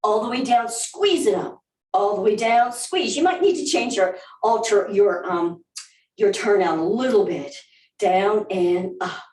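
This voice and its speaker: A woman's voice: medium pitch, lively intonation, unhurried, a little mellow. A woman with a Southern US accent leading a barre workout, coaching upbeat with whoops and counts. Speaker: barre fitness instructor. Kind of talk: live workout instruction. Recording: roomy, from a distance.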